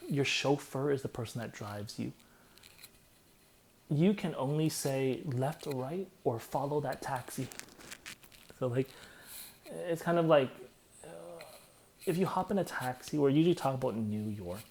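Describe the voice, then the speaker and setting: An excitable man talks through song lyrics in a loose, comedic way and keeps cracking himself up. His pitch sits in an ordinary middle range, and now and then he slips into hushed, breathy asides. A faint hiss sits under the voice. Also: unhurried, pauses often. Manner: excitable, laughs often, keeps breaking into quoted lines. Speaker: comedic lyric breakdown host. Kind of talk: casual comedic commentary.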